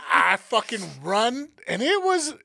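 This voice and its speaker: Male podcast co-host, profane animated storyteller, gravelly bright voice. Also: extremely high pitch, slow. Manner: profane, animated storyteller acting out family members. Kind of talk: casual storytelling.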